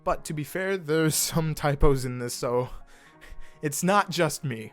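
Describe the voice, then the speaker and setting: A man's voice: fairly high pitch, measured pace, faint music behind. A young man reading fan fiction aloud in a casual way, stumbling over words and adding asides. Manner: animated, stumbles over words, laughs at the text.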